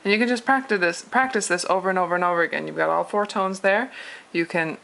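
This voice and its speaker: A woman's voice: fairly low pitch, quick pace, creaky, a bit bright. A young woman teaching Mandarin tones in a casual spoken lesson, patiently counting numbers aloud to demonstrate. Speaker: Mandarin tutor.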